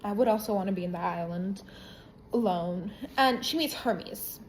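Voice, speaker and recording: A woman casually reviewing a book, retelling the plot in an irreverent, profane, animated way. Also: medium pitch, moderate pace, slight background noise, poor audio.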